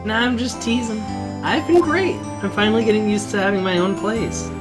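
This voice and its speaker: A man's voice: fairly quick, music in the background, lightly acted. A man voicing a jolly, sassy teenage girl who teases her older sister, in a fan dub of a game. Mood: teasing. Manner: teasing, bubbly, high-spirited.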